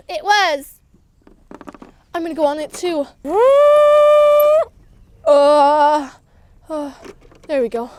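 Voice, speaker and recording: A woman tells a doll story aloud, voicing every toy herself in a playful, animated way. Her voice sits very high and girlish, and her pitch swoops up and down as she switches between the characters.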